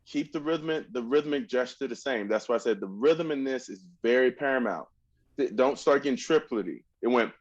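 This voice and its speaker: A man's voice: medium pitch, expressive, a little fast, muffled recording. A man coaching a student in a masterclass, singing phrases to demonstrate, exacting and encouraging. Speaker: oboe teacher.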